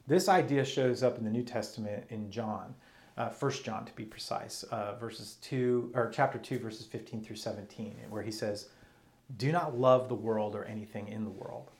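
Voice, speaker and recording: A man's voice: fairly low pitch, moderate pace. A man preaching a teaching sermon, reading passages aloud and then explaining them step by step.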